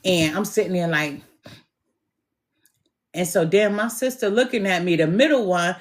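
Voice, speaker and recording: A woman tarot reader chatting casually with viewers on a live stream, slangy and quick to laugh. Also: on the low side.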